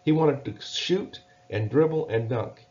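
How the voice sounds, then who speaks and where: A man reading a children's storybook aloud in a gentle, measured way. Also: mid-range voice. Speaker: narrator. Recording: dull lo-fi recording.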